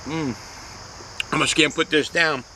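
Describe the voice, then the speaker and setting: Man, casual beer review vlog, folksy rambling delivery, faint background noise, somewhat high pitch. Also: steady tone, normal speed, sharp tone, low-quality recording. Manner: folksy, rambling with many hesitations.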